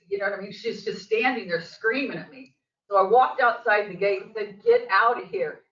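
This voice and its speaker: A woman's voice: medium pitch, fairly bright tone. An older woman, a local resident giving public comment at a board meeting, telling her story in an agitated, emphatic way. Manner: agitated, emphatic storytelling, voice rising toward the end. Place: district office meeting room. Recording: distant, echoey, dull meeting-room audio.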